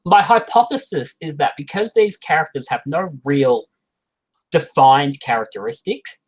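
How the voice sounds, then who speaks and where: Male co-host, husky voice, animated delivery, casual live chat. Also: a little high, moderate pace, low-quality recording. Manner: animated, slips into silly character voices. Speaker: podcast co-host.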